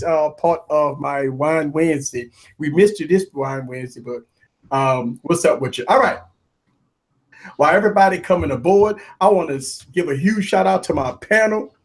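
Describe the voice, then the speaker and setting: Male tech livestream host, husky, upbeat and repetitive. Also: on the high side. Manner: hype, repetitive shout-outs, animated. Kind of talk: casual livestream chat.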